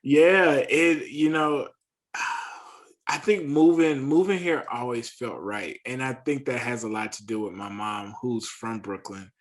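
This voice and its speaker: A man's voice: medium pitch, a little slow. Southern man telling casual stories. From American South. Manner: chatty, self-deprecating, animated anecdotes. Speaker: podcast guest, writer. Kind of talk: casual chat, storytelling.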